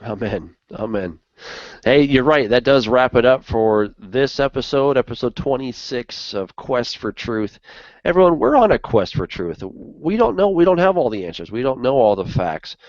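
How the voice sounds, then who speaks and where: On the same Bible study show, another male co-host with a mid-range, very animated voice talks earnestly at a normal pace, leaning on "you know" throughout the casual discussion. The lo-fi recording is dull and dry with no room sound.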